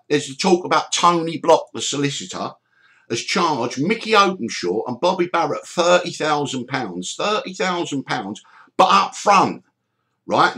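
A middle-aged man hosting a podcast, telling stories in an animated way, swearing freely and acting out the people he quotes. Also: on the high side. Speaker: podcast host. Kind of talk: storytelling chat.

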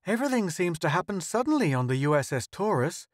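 A man's voice: a little high, animated, measured pace, slightly rough, no echo, studio quality. A man voicing Beth, a composed woman crew member with a light, wry way of talking, in an audiobook story. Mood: earnest. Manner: light, then serious.

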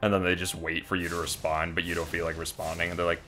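A man's voice: low-pitched, monotone, quick pace, few pauses, bright, forceful tone, soft background music. A young man chatting casually while playing a video game with a friend, rambling with lots of fillers and restarts. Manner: rambling, stop-start with many fillers. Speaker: co-host of a gaming channel. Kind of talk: casual let's play banter.

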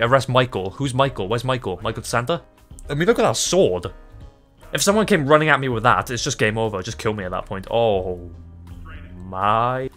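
Male gaming YouTuber, mid-pitch, excitable and foul-mouthed, rambling commentary. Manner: excitable, swears freely, laughs often; rambling, self-interrupting. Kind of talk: gameplay commentary.

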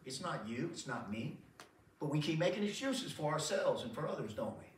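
Picked up by a distant mic in a roomy church sanctuary with a little hiss or hum, a pastor delivers his sermon fairly quickly. His slightly high voice swings widely in pitch as he chuckles often, repeats himself, and addresses the congregation as folks in a folksy style.

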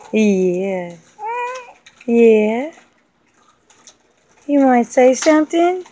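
A woman's voice: a little high, expressive, slow pace, pauses often, slight background noise. A young woman filming her baby on a phone at home, talking in coaxing, playful baby talk. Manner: sing-song, coaxing and playful. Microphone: phone held over the baby.

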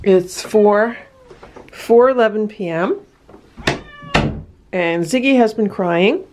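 A woman filming a cat vlog, explaining feral cat trapping and softly coaxing a trapped cat to relax. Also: mid-range voice, slow, background noise. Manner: soothing, coaxing baby talk to a trapped cat. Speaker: cat rescuer vlogger. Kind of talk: casual vlog narration and talking to a cat.

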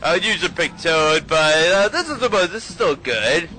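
A man's voice: a little high, animated, a little fast, pushed and bright, soft background music, low-quality recording. A man commenting in an easygoing way while watching a video and a racing game.

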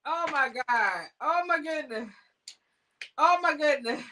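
A woman's voice: sits high, lively intonation, slow pace, bright, forceful tone, a little hiss or hum. A woman hosting a casual livestream chat, teasing her guests and laughing a lot. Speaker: livestream host.

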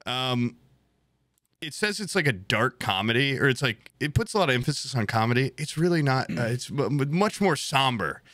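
A man's voice: mid-range voice, a bit bright, no room sound, clean studio sound. A man co-hosting a podcast in casual chat, rambling and cursing as he jokes and recommends films. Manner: rambling, profane, jokey. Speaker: podcast co-host.

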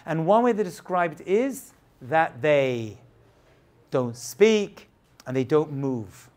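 A man with a fairly high voice leads a Torah lesson as a rabbi. His delivery swings up and down and keeps turning into rhetorical questions and quick checks that the class is with him. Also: big pitch swings, darkish tone.

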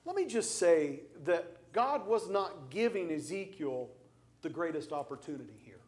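A man's voice: on the high side, very animated, normal speed. A man preaching a sermon, emphatic and repetitive, putting direct questions to his congregation. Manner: emphatic, repeats phrases for stress.

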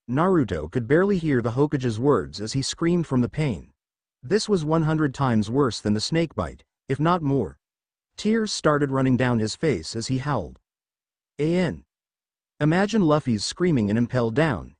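A man narrating a fan fiction story in an animated reading voice. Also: medium pitch, moderate pace, no room sound, clean studio sound. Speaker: fanfiction reader.

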